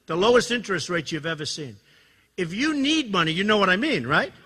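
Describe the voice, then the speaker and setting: A man in his sixties gives a rambling campaign speech to a crowd, repeating himself and tossing questions at the audience. His voice is high and very bright, and his pitch swings widely. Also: sing-song, fairly quick, breathy edge. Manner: boastful, repetitive, digressive, asks the crowd questions. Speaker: campaign speaker. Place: event hall with audience.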